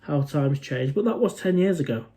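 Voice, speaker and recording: Casual english guy on a live stream, reads out comments, keeps saying mate, voice a bit high. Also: animated, normal speed, mellow. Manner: chatty, informal, says "mate" often.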